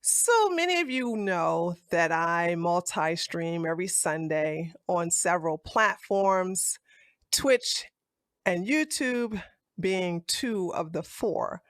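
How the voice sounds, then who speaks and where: A woman streamer giving blunt, profane live-stream commentary. She calls her listeners baby and honey with a sassy edge, and she breaks into loud outbursts. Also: lowish voice, animated, takes it slowly, no room sound. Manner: blunt, heavy cursing, rising to loud outbursts.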